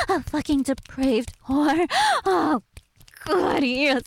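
Woman, erotic role-play, breathy moans, whispers to cries, high voice, wide melody. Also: expressive, takes it slowly, slight background noise. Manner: breathy and moaning, swinging between whispers and cries. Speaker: erotic audio performer.

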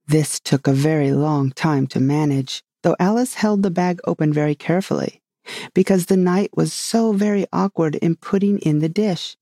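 An audiobook reader narrating a storybook calmly and evenly. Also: medium pitch, moderate pace, no echo, clean studio sound. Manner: calm, even storytelling.

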